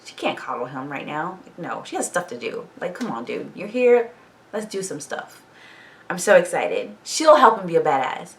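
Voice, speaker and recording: A woman recapping a TV episode in a casual, animated reaction vlog, swearing freely and laughing often. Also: on the low side, moderate pace, recorded from a distance. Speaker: TV show reaction vlogger.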